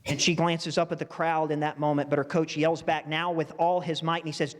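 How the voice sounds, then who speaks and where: A man's voice: on the high side, level tone, a little fast. A man preaching a sermon in a church, talking to the congregation in a conversational way with asides like "wouldn't you say?". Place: church sanctuary. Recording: reverberant church hall.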